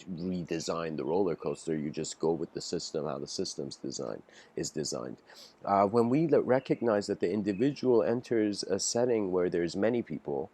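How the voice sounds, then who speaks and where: A man giving an improvised philosophical lecture, halting and musing with frequent restarts. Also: fairly low pitch, a little mellow.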